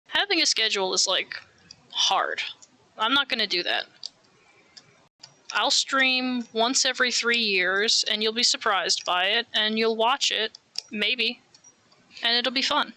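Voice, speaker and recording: American woman streamer, brilliant bright tone, slightly high, knitting chat with soft clicking behind. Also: unhurried. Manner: rambling, self-mocking asides. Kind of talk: casual live-stream chat while knitting.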